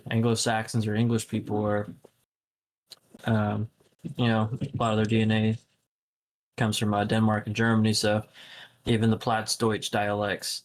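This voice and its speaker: Young male co-host, low and level voice, rambling casual talker, heavy on fillers and swearing. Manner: rambling, full of fillers and profanity. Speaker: podcast co-host. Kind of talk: casual chat.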